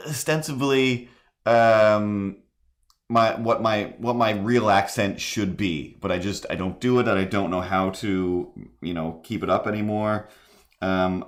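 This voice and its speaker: A man chatting casually while drawing on a live stream, rambling and self-deprecating. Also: fairly low pitch. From near Cape Breton, Canada.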